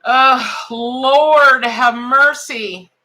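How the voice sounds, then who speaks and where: A woman's voice: high voice, very slow, pushed and bright. A middle-aged woman, hosting a casual live-stream tarot reading in a chatty, exclamatory, folksy way.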